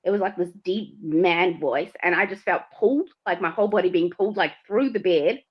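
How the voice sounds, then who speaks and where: This livestream co-host has a lowish, husky voice and talks briskly. Laughing a lot, she recounts a story with animation and performs the quoted lines. Through her livestream mic the audio comes across slightly dull and lo-fi.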